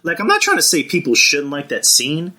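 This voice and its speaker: A man's voice: on the high side, huge pitch swings, a little fast, pushed and bright. A man chatting casually on a podcast, rambling with frequent restarts and casual swearing. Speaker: podcast co-host.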